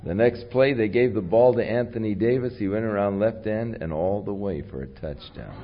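A man preaching a sermon in a conversational storytelling way, with a voice that carries and big rises in pitch and loudness. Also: moderate pace, lo-fi sound, slight background noise. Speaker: pastor.

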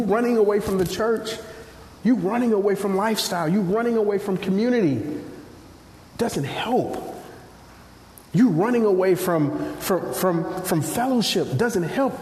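Male preacher, slightly higher voice, animated storyteller, heard in an echoey hall with a long tail. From Nigeria. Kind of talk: sermon. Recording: echoey hall, faint ambience.

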